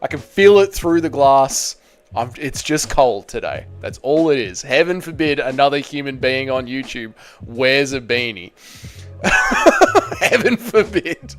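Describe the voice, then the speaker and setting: A man's voice: mid-range voice, lively intonation, moderate pace. A young man hosting a casual livestream, reading chat aloud and swearing bluntly. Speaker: livestream host.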